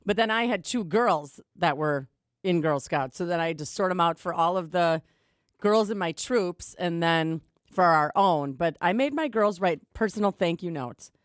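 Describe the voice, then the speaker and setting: A chatty woman talking casually at a studio microphone, a touch low in pitch. The sound is dry and close. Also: animated, moderate pace, no room sound. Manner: chatty, self-deprecating, laughs easily. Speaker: radio co-host.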